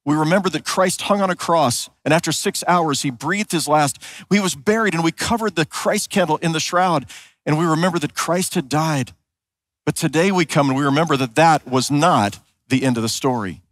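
A man's voice: a little high, moderate pace, dry recording. A man, the senior pastor, welcoming people to an Easter service, leading prayer and reading scripture earnestly. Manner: earnest, building to shouted Easter greeting.

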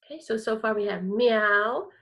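A woman's voice: on the high side, moderate pace, fairly bright tone. A woman teaching an online kindergarten music lesson, upbeat and encouraging, leading call-and-response.

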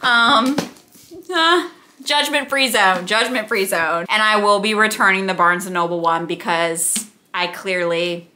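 A woman's voice: medium pitch, measured pace, sharp tone. A young woman from the United States, chatting casually and gushing about books, with rambling asides. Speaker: book vlogger. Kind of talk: casual chat.

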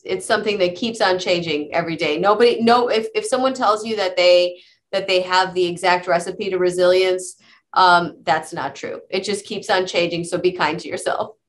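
A woman's voice: fairly low pitch, a bit bright. A middle-aged woman, a psychologist guest on an interview podcast, talking earnestly and telling stories with many fillers and restarts. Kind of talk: conversational interview answers.

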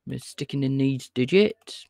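A man's voice: medium pitch, unhurried, vocal fry, a little mellow, no echo, clean studio sound. A man hosting a livestream, chatting casually and greeting his viewers by name. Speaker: livestream host calling scammers.

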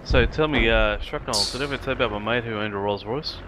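A man's voice: mid-range voice, quick pace. A man leading a squad in casual gaming chat, swearing freely and spinning long joke stories. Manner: swearing, storytelling, does character voices in jokes. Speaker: squad leader. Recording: game audio noise behind.

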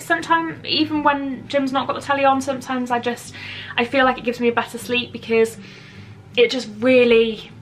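Bright, giggly woman vlogging. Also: sits high. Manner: chatty, giggly, self-deprecating. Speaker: beauty vlogger. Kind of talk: casual product chat to camera. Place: at home, seated indoors.

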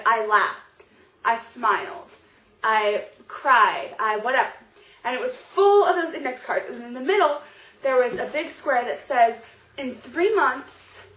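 A young woman with a high voice tells a story straight to camera, bubbling over with excitement and "like" after "like". The room around her is roomy and echoey. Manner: gushing, excitable, heavy use of "like". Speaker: vlogger. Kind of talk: casual storytelling vlog. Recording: roomy echo.

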